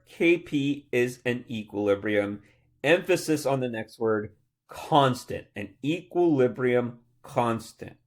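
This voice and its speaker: A man working through a chemistry problem step by step, talking aloud through each calculation as a tutor. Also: medium pitch. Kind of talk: worked-problem lecture.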